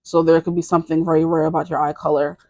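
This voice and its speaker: A woman's voice: low voice, flat delivery, fast, darkish tone. Rambling giggly young woman reading tarot. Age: 20s. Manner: rambling, self-correcting, giggly. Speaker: tarot reader. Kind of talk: casual tarot reading to camera.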